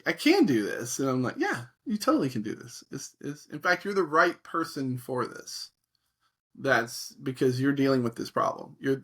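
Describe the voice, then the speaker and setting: A man's voice: mid-range voice, breathy edge. A middle-aged man in a conversational interview, telling stories as a creativity facilitator and acting out the reactions he quotes. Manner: animated storyteller, acts out quoted reactions.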